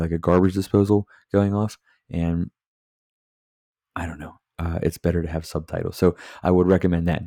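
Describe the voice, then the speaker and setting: Warm and low-pitched, this podcast host chats loosely about a film while drinking beer, swearing often and leaning on filler words. The audio is dry and of studio quality.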